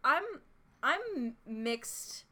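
An American woman in casual chat, animated and laughing, with lots of "like" in her speech. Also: high-pitched, extremely slow. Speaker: friend in conversation.

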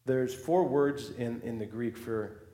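A man's voice: mid-range voice, takes it slowly. Fervent preaching man, echoey room. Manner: swings from loud and fervent to hushed and soft, with restarts. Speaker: pastor. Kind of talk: sermon.

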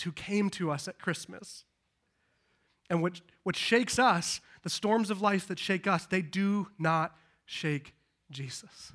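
Pastor guy preaching in church, fairly high voice, gets loud then goes quiet. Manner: emphatic preaching, swings from loud to hushed. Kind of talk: live Christmas sermon. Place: church service. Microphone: handheld microphone.

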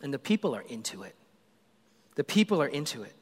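A man preaching a sermon, telling the story with animated voices for the crowd. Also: medium pitch, fairly quick, slightly rough, big-room sound. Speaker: pastor.

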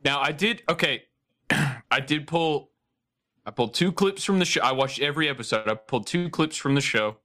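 A man's voice: fairly high pitch, lively intonation, moderate pace, sharp tone. A man hosting a podcast, chatting casually with his guest and chuckling. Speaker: podcast host. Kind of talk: casual interview chat.

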